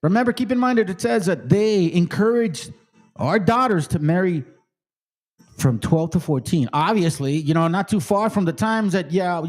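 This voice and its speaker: A man's voice: high-pitched, darkish tone. A man hosting a commentary stream, reacting to a clip in a profane, combative way and addressing viewers as fam. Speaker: host.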